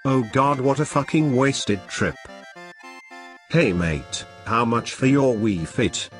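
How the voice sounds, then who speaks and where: In a scripted comedy sketch, a host plays an angry game collector who rants, brags, and swears constantly. His medium-pitched voice is expressive and slow, with faint music in the background.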